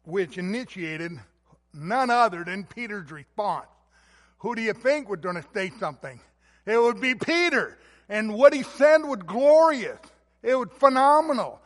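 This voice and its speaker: A man's voice: sits high, animated, a little slow, long reverb tail. A man preaching a sermon as a pastor, emphatic and building in force on key words.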